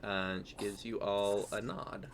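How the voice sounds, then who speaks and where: A man's voice: on the low side, a little slow, vocal fry. A man narrating as game master of a tabletop game, rambling with many fillers. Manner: rambling, filler-heavy, laughing often.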